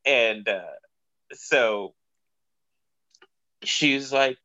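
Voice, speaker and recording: A man's voice: medium pitch, unhurried, a bit bright, dry recording, highs cut off. A man who is a podcast guest, telling a story in a laid-back, rambling way with fillers. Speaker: podcast guest, best friend. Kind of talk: casual storytelling.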